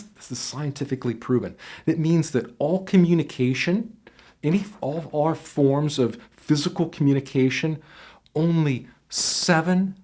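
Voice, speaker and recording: A man's voice: mid-range voice, darkish tone. Man coaching on job interviews. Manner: conversational, demonstrates voice changes while explaining. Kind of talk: instructional talk to camera. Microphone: headset microphone.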